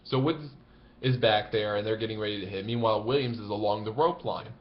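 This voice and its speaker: Low-voiced man telling a story casually. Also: a little fast, lo-fi sound, a little hiss or hum. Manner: conversational, animated, laughs while telling. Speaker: golf blogger.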